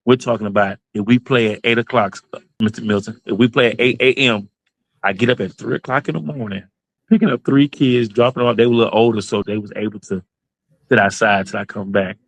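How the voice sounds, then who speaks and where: A man's voice: on the low side, steady tone, brisk, no room sound, poor audio. A man, a basketball club owner and coach telling his story in an interview, earnest and emotional, going over points again and again.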